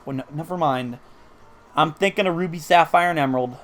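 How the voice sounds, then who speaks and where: A man's voice: fairly high pitch, brisk. A man giving casual, upbeat commentary while playing a video game, explaining his moves as he goes. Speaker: let's play commentator.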